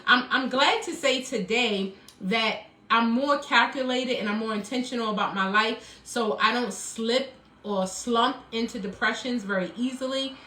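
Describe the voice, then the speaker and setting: A woman hosting a live motivational talk as a life coach, energetic and preachy, often calling out to her audience. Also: fairly high pitch. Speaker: life coach and show host. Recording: echoey room, a bit distant, faint music.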